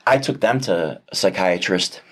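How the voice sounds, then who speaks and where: A man, a father and interview guest, telling a heartfelt personal story in an earnest, reflective way with many pauses and restarts. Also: sits low, animated.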